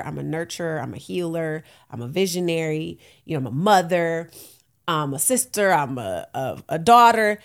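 Candid, gravelly-voiced woman podcaster. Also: fairly low pitch. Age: late 30s. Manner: candid, uplifting, laughs often; African American Vernacular English. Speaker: podcast host. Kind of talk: casual solo podcast monologue.

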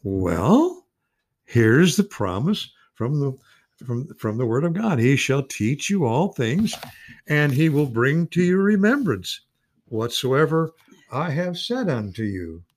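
Speaking slowly with big swings in pitch from a mid-range voice, an octogenarian man teaches a casual Bible study. He is earnest but rambles, restarting and repeating words, and draws out important Scripture words to stress them.

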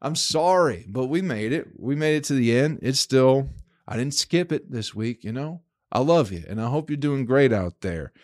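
A man hosts his podcast alone. He rambles through crude, profane stories in a casual, mid-pitched voice. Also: expressive, moderate pace. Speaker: podcast host. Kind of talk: casual solo podcast monologue.

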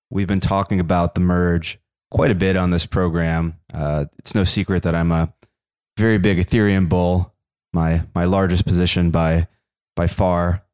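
A male podcast host reading through the news alone in a mildly monotone, self-aware way, at a close mic. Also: sits low, clear, resonant tone, dry recording. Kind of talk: solo news rundown podcast.

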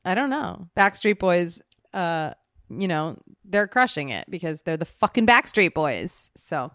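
A woman in her thirties co-hosting a podcast in casual chat, animated, laughing a lot and swearing freely. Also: on the low side, unhurried, dry recording, clean studio sound. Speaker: podcast co-host.

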